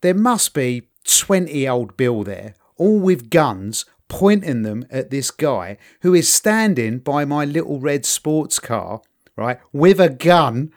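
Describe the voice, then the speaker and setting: A middle-aged British man spins anecdotes in a loose, chatty way and jumps into loud impressions of the people in them. His voice sits on the higher side for a man. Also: takes it slowly. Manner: animated storyteller, acts out voices loudly. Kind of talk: casual chat, storytelling.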